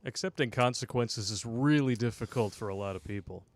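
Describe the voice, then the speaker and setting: A man's voice: medium pitch, fairly quick, no echo. A man co-hosting a casual talk show, making wry, dry asides and telling a story about his wife. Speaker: podcast co-host.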